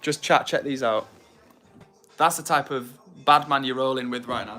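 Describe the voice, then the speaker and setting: A man's voice: mid-range voice, fairly even intonation, a little fast, fairly bright tone. A young man hosting a livestream, casually reading viewer comments and greeting people by name in a friendly, upbeat way. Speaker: livestream host.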